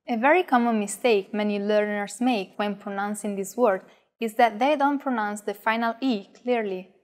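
A woman with an Italian accent co-hosting a language lesson, modeling pronunciation with slow, deliberate articulation. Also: mid-range voice. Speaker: native-speaker co-host.

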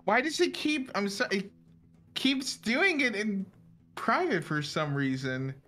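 A player in a tabletop game over voice chat who is quick to argue. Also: mid-range voice, big pitch swings, bright, forceful tone, soft background music.

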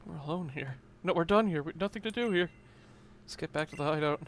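A man's voice: a little high, fast talker, a little hiss or hum. A man co-hosting a game playthrough, reading the dialogue aloud with drama and frequent swearing. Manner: dramatic, swears a lot when reading lines. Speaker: let's play co-host.

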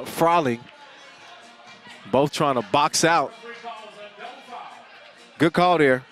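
A man calls a live basketball game, quick with a joke and loud on the big plays. His voice sits fairly high. A busy arena crowd and music play steadily behind him. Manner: energetic, joking, rising to shouts on big plays. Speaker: play-by-play commentator. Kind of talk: live sports commentary. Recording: crowd and music under the commentary.

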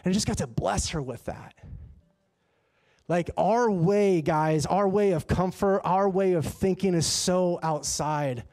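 A man preaching a sermon in a church, telling a personal story in a lively, conversational way. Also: sits high, unhurried. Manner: animated and conversational, acts out his own dialogue. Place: church sanctuary.

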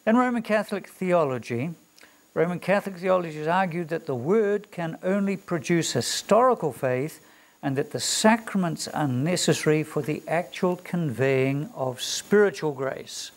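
A man with a New Zealand accent teaches a classroom lecture in a slightly high voice. He is emphatic, stresses key words and keeps asking his students rhetorical questions. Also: animated, normal speed. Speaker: theology lecturer.

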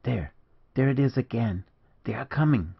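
Man doing a fervent young Spanish woman, pleading, raised voice, gravelly edge, lo-fi recording. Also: medium pitch, animated, moderate pace, pitched above the performer's own voice, exaggerated voice. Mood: eager. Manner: pleading, rising and emotional.

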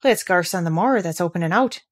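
A woman's voice: on the low side, animated, fairly quick. A woman reading aloud and voicing a cheerful country boy who speaks in a plain, easy way.

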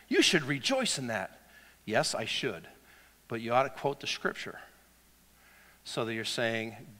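A male pastor preaching a sermon in a church, dramatic and animated, swinging from loud shouts to hushed whispers. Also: medium pitch, in a large hall.

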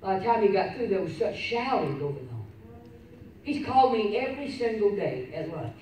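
A woman pastor preaching a sermon, fervent and swinging from loud exclamations to quiet storytelling. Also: medium pitch, very animated, normal speed. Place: church sanctuary. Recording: echoey church, distant mic, faint hiss.

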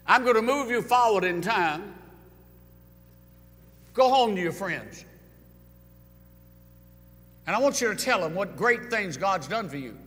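A man preaching a sermon to his congregation, dramatic, swinging from loud urging to soft, hushed lines. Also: high-pitched, animated, fairly quick, few pauses. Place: church sanctuary. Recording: long church hall reverb.

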